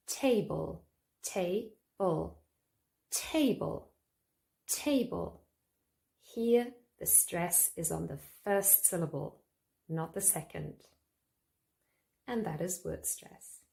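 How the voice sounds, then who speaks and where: A woman teaching English pronunciation in a clear, emphatic way, repeating example words in a scripted lesson. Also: on the low side, expressive, takes it slowly, warm tone.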